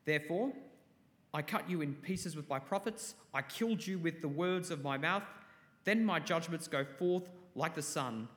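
A man with a fairly high voice reads scripture in a steady, declamatory way. A long hall reverb trails after each phrase. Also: normal speed. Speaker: scripture reader. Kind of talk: formal Bible reading.

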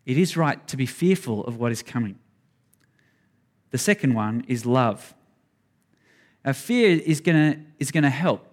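A man's voice: medium pitch, lively intonation, measured pace, pauses often. A man preaching a sermon, earnest and conversational, speaking straight to his congregation. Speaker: pastor.

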